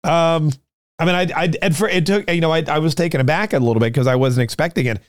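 A man's voice: on the high side, fast talker, no room sound. Rambling male podcast host, dry sound. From United States. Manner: rambling, conversational, frequent restarts. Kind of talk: casual political talk with merch plug.

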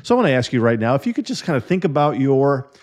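A man's voice: mid-range voice, sing-song, quick pace, a little mellow. A man hosting a podcast, talking straight to listeners, emphatic and fond of repeating key phrases and asking questions. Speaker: podcast host. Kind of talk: energetic podcast monologue.

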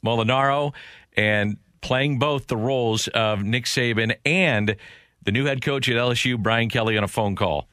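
A man's voice: mid-range voice, moderate pace, a bit bright, no room sound, studio quality. A man hosting a sports radio show, chatting in a rambling, conversational way. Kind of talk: casual sports talk.

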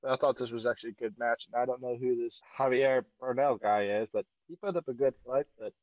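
A man's voice: medium pitch, brisk, dry recording, lo-fi sound. A man co-hosting a podcast who speaks bluntly and teases his partner in casual chat. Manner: teasing, blunt. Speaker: co-host correspondent.

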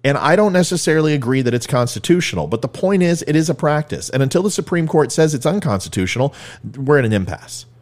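A man's voice: on the high side, lively intonation, quick pace, darkish tone. A man giving blunt, emphatic opinion commentary in a lecturing way.

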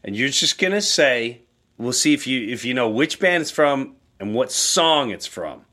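A man hosting a podcast, telling a story in a casual, animated way and acting out the voices in it. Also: medium pitch, normal speed. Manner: animated, acts out quoted voices. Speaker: podcast host.

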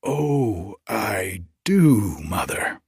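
A man's voice: fairly low pitch, big pitch swings, very slow, gravelly, darkish tone, slightly rough, dry recording, clean studio sound, full character voice. A man reading aloud, voicing an eager, sensitive young woman in a story with a breathless, pleading manner.

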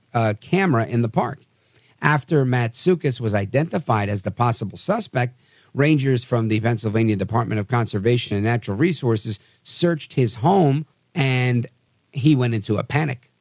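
A man hosting a podcast, telling odd news stories with wry, animated asides. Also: mid-range voice, no echo, studio quality. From New Jersey area. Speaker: podcast host. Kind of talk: casual news commentary.

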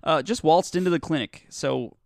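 A man's voice: fairly high pitch, normal speed, creaky, no room sound, clean studio sound. A man co-hosting a casual comedy podcast, rambling and joking with lots of fillers and restarts. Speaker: podcast co-host.

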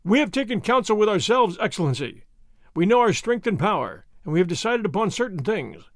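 A man's voice: high-pitched, big pitch swings, fairly quick, no room sound, studio quality. A man voicing a proud young noble horseman leader in an audiobook reading, speaking in a stern, declaiming way.

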